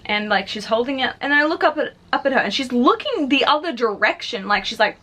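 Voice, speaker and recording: A woman's voice: high-pitched, expressive, a little fast, bright, forceful tone. A young adult woman vlogger casually telling a personal story, chatty and full of fillers. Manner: chatty, filler-heavy, frequently says "like".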